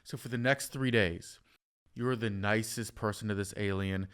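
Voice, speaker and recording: A man hosting a podcast, telling an animated, joking story in casual conversation. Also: on the low side, moderate pace, clear, resonant tone. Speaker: podcast host.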